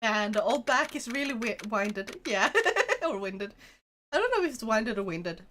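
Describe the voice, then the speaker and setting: A woman's voice: on the high side, sing-song, normal speed, pushed and bright. A woman streamer giving playful, giggly commentary while playing a game. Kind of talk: casual gameplay commentary.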